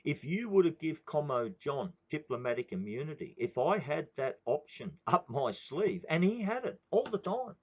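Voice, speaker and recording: A man's voice: on the high side, big pitch swings, moderate pace, hardly any pauses, a little mellow, husky. Ranting Aussie man in his sixties, lo-fi. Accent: Australian. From Australia. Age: 60s. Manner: swearing, heated, repetitive. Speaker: political commentator. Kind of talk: ranting monologue. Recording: dull lo-fi recording.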